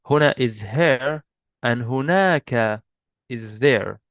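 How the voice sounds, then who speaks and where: Guy teaching an online class, mid pitch, dry close sound, keeps repeating himself patiently. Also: slow pace, no room sound. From Egypt. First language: Arabic. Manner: patient, repeats and restarts, switches between English and Arabic. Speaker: Arabic teacher. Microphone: video call mic.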